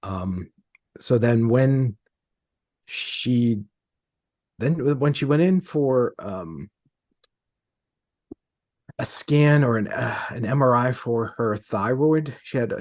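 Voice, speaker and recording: A man's voice: on the low side, darkish tone, no echo, clean studio sound. A middle-aged man, an author being interviewed, speaking hesitantly with many fillers and restarts. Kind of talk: conversational interview.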